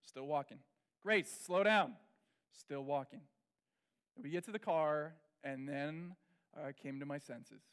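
A middle-aged pastor telling a personal story in a sermon, candid and animated, dropping to soft confessional tones. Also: male voice, fairly high pitch, measured pace, clean tone.

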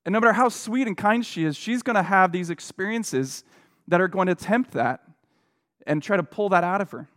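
Earnest middle-aged male preacher, higher voice. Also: lively intonation, normal speed, a bit bright. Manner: conversational, earnest, with many fillers and restarts. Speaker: pastor. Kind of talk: sermon with personal storytelling.

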